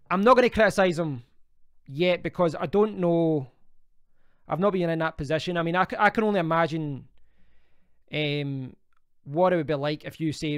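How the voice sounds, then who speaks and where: Scottish man, live stream host, rambling casual chat, fairly high voice, smooth and clear. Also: no room sound, studio quality. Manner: chatty, rambling, reads out and answers viewer comments. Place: home in Spain.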